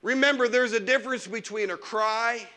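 A middle-aged male pastor preaching to his church with a very high, bright, forceful voice. He swings between loud, animated stretches and quiet asides, mocking the whining of complainers. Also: moderate pace. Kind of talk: sermon. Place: church sanctuary.

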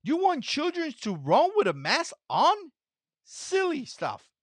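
A man's voice: extremely high pitch, wildly swooping pitch, slow pace, no room sound, clean studio sound. A man whose first language is not English, hosting an opinion commentary vlog in an emphatic, mocking way that repeats its points. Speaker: channel host.

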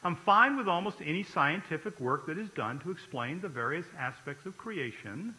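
A man's voice: a little high, expressive, moderate pace, few pauses, pushed and bright, poor audio. A man pastor preaching a sermon, emphatic and often checking in with his listeners.

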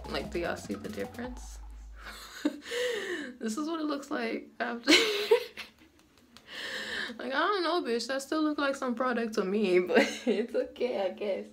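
A woman's voice: a little high, big pitch swings, unhurried, long pauses, soft background music. A woman chatting casually through a get-ready-with-me vlog, candid and laughing often, swearing freely, recorded at home on a phone. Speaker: beauty vlogger. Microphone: phone camera.

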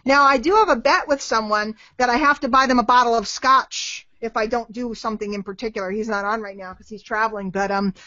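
A middle-aged woman with a fairly high voice answers marketing questions on a live webinar. She talks in a lively, animated way and acts out short exchanges between people. The sound is dry and a bit dull, like a web call. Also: fairly quick, few pauses, dry recording.

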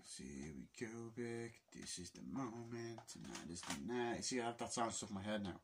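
A man's voice: lowish voice, expressive, moderate pace, few pauses, noisy background. A man of twenty-two in a casual vlog, exasperated and swearing as he mutters to himself. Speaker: film collector vlogger.

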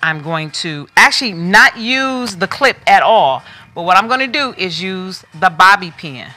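Bright-voiced chatty woman hosting a sales stream. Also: medium pitch, lively intonation, unhurried, faint music behind. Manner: chatty, talks straight to viewers. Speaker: wig shop host selling on a live stream. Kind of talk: casual live product demo.

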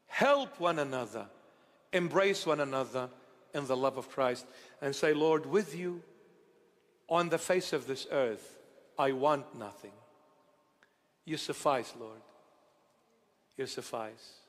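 Preacher, male, affectionate and playful, bursts out loud at times, voice higher than usual, echoing church hall. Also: lively intonation, unhurried, pauses often. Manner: tender, playful preaching with sudden loud outbursts. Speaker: bishop. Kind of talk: sermon.

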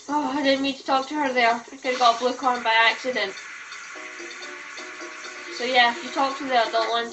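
A woman's voice: high-pitched, steady tone, normal speed, long pauses, rough recording. A woman giving casual, rambling walkthrough commentary while playing a video game. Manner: chatty, rambling walkthrough tips. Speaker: let's play gamer. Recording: game music playing behind the voice. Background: video game music.

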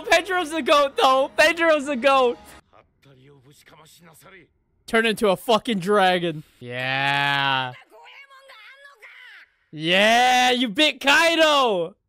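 Excitable young man reacting, unhurried between outbursts. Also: very high-pitched, clean tone. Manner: excitable, swears a lot, bursts into shouts. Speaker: anime reaction creator. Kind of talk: live reaction commentary. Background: faint anime soundtrack music.

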